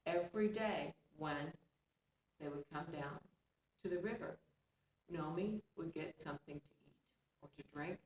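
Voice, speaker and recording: A woman tells a folktale in an expressive voice that sits a little low, turning now and then to chat with her listeners. She is heard from a distance in a roomy space, with a faint hum of ambience behind her. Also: highs cut off. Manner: expressive, with chatty asides to listeners. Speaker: storyteller. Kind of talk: oral folktale storytelling.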